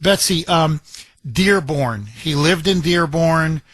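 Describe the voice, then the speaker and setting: A man's voice: on the high side, lively intonation, fairly bright tone, no echo. Dry-voiced male talk radio host. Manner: pointed rapid-fire questions to callers.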